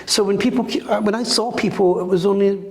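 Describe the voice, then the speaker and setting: High-pitched and brisk, this man is a psychic medium guesting on a podcast interview. He tells animated stories, performing the voices of the people in them, and the recording sounds roomy with a long reverb tail.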